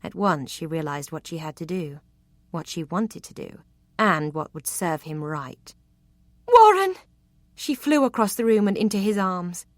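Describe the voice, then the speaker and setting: A woman narrating a historical romance audiobook in an expressive, intimate storytelling manner. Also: fairly low pitch, moderate pace, no echo, clean studio sound.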